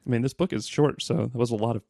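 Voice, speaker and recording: A man's voice: medium pitch, very fast, gravelly, dark tone, no room sound, clean studio sound. A man co-hosting a casual podcast, chatting playfully and reading aloud from a book. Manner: playful, puts on voices when reading quotes. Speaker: podcast co-host.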